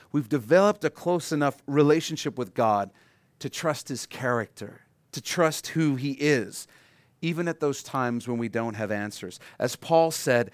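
A man preaching a sermon, animated and acting out the voices he quotes. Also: medium pitch, no echo. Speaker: pastor. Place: church sanctuary.

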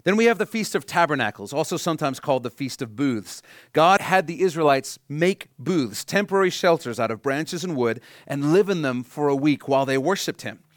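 A pastor preaching a sermon, moving between loud, emphatic lines and hushed, pleading ones. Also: male voice, on the high side, lively intonation, a little fast, dry recording, studio quality.

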